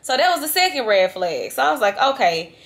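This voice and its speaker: Animated young woman telling a travel story. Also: high voice, fairly quick. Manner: animated, dramatic retelling, addresses viewers as y'all. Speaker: vlogger. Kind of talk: casual storytime chat. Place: vacation lodging, indoors.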